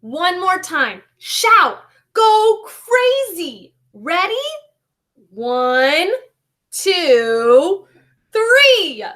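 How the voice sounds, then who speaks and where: A woman's voice: high voice, animated, slow, long pauses, sharp tone, exaggerated voice. A woman voicing a small, fretful young male penguin who keeps breaking his words with hiccup gasps, reading a children's storybook aloud. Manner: gasping hiccups between words.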